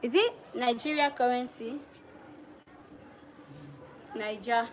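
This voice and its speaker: Taking it slowly, a high-pitched young woman hosts a casual livestream, talking straight to her viewers and slipping Krio phrases into her English with a Sierra Leonean Krio-tinged accent. Slight background noise sits under the low-quality recording.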